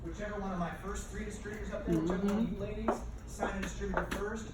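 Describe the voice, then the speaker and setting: A woman runs a lively team training, playful and full of exclamations. Her voice comes from well back from the microphone and rings around a very echoey room. Steady background noise hums under her. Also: medium pitch, racing, far from the mic. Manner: animated, playful, exclaims often. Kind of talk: lively training demo with a live audience.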